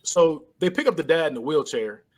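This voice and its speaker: A man co-hosting a podcast, casually retelling a movie scene by scene and acting out the characters' lines with lively voice changes. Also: fairly high pitch, a little fast. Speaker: podcast co-host. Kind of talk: casual movie recap chat.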